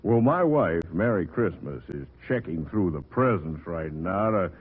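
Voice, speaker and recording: Jolly, chuckling old Santa; lively ups and downs, unhurried, 1940s radio acting on a tinny broadcast. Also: male voice, deep voice, husky, full character voice. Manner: hearty, chuckling, stammering warmly.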